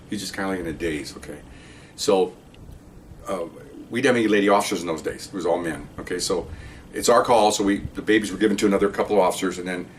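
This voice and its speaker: An older man with a lowish voice rattles through a story from his years as a police officer. He talks fast and rambles, with restarts and "okay?" asides to the listener. He sits a bit back from the microphone, with a faint hiss behind him. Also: fairly bright tone. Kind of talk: casual spoken storytelling. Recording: distant mic with faint background hiss.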